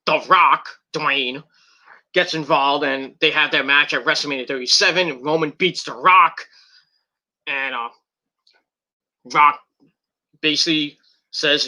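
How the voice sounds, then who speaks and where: A man's voice: a little high, steady tone, unhurried, pauses often, pushed and bright. A man recapping and reviewing a wrestling event in a casual, rambling way, with lots of fillers, restarts and swearing.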